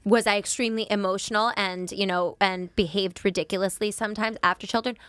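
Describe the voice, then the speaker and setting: Woman host, mid pitch, emphatic, restarts, dry sound. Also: steady tone, quick pace, clear, resonant tone, no echo. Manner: emphatic, rambling restarts, shifts to hushed seriousness. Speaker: talk show host. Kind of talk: casual interview chat.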